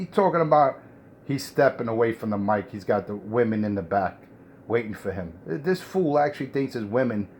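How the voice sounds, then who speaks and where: A man's voice: on the low side, darkish tone, slight background noise. A man on a CB radio mocking and lecturing another operator, repeating "man" as he talks. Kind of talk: trash-talking radio banter.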